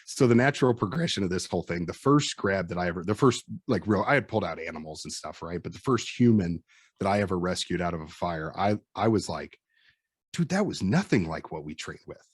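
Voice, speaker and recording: Guest, male, 40s, Midwestern American accent, lowish husky voice, dry close sound, lively storyteller. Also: fairly quick, dry recording. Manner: animated storyteller acting out quotes. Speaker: firefighter and instructor guest. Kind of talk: casual storytelling chat.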